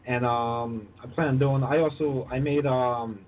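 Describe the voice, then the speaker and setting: A man who is a guest on a podcast, a honey maker speaking haltingly with many fillers. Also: mid-range voice, fairly even intonation. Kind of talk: casual interview chat. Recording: tinny phone-like sound, faint noise.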